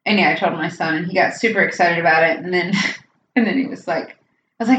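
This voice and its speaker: American woman on a podcast, lively storytelling, swears a lot, dull roomy sound. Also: lowish voice, quick pace, a little hiss or hum. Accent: neutral American. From United States. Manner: animated, swears freely, acts out quotes in raised voices. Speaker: podcast co-host. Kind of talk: casual chat.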